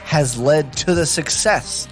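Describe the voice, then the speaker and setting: A man's voice: on the high side, takes it slowly, soft background music. A man co-hosting a podcast, making wry remarks. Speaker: podcast co-host. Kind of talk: casual chat.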